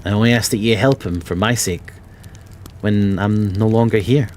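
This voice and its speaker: A man's voice: on the low side, moderate pace, slight background noise, lightly acted. A Scottish man reading as a pleading Edinburgh doctor. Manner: warm, pleading, heartfelt. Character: kindly middle-aged male doctor, pleading and troubled.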